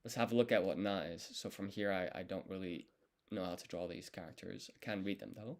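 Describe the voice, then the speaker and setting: A man studying on a live stream, thinking aloud and correcting himself as he works through each character in a relaxed, casual way. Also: sits low, a little fast. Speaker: language learner streaming his study.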